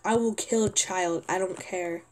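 A young woman commenting on her own gameplay, often exasperated and yelling at a teammate. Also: medium pitch, fairly even intonation, a little slow, soft background music. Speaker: gaming youtuber.

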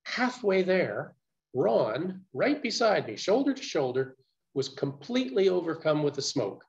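An older man recounting his story as a guest speaker, earnest and measured, with small stammers. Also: fairly high pitch, big pitch swings, gravelly, a little mellow. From Canada. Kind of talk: personal storytelling talk. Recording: muffled lo-fi recording.

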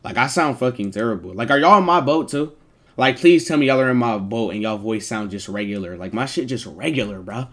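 A man streaming live and chatting with his viewers in animated, joking banter full of slang and swearing. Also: mid-range voice, brisk.

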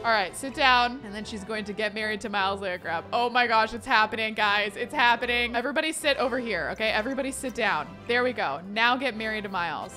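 Young woman gushing over her sims game, high voice, super excitable. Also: brisk, few pauses, faint music behind. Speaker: gaming YouTuber. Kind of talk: commentating a life-sim playthrough.

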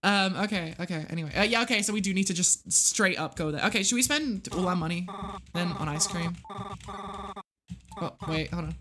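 A live streamer playing a game, talking casually with viewers, excitable and swearing freely. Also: mid-range voice, brisk, slight background noise.

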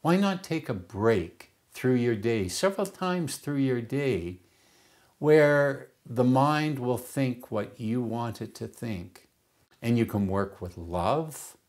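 A man's voice: medium pitch, darkish tone. A man teaching about working with the mind in a reflective talk, often repeating words as he searches for his phrasing.

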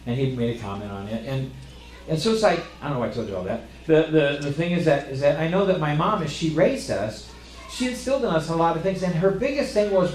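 High-voiced man preaching in an echoey room. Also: very animated, moderate pace. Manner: storytelling, rambling with restarts and self-deprecating humor. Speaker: pastor. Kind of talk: sermon.

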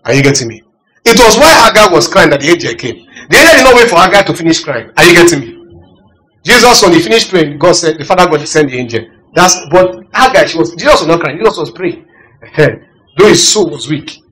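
A man preaching a sermon, asking the congregation "are you getting me" and swinging between loud emphasis and quiet asides. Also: on the high side, fairly quick, low-quality recording. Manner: animated preaching with call-and-response questions. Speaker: pastor.

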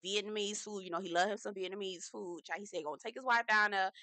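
A woman's voice: medium pitch, fast, pushed and bright, no room sound. A woman hosting her own casual TV review vlog, chatty and slangy, with emphatic asides to her viewers. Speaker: host.

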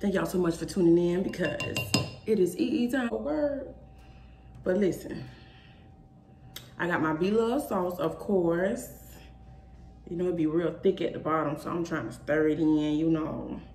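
A woman's voice: fairly low pitch, moderate pace, pauses often, dark tone. A young woman hosting a mukbang vlog, talking straight to her viewers in a sassy, emphatic way. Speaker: mukbang vlogger. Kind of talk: casual chat to camera. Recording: echoey room with faint noise.

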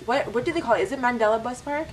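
A young woman telling chatty, animated stories as a vlogger. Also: a little high, rapid-fire, far from the mic, slight background noise, low-quality recording. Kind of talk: casual storytime.

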